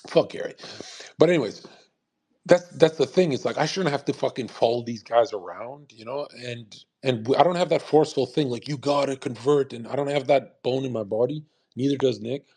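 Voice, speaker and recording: Man, husky voice, mid pitch; rambling profane commentary host. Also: a little mellow. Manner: rambling, profane, emphatic, restarts often. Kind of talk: casual monologue commentary.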